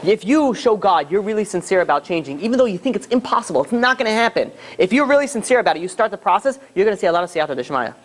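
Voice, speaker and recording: A man, a rabbi, giving an animated, emphatic sermon. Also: high-pitched, rapid-fire, hardly any pauses.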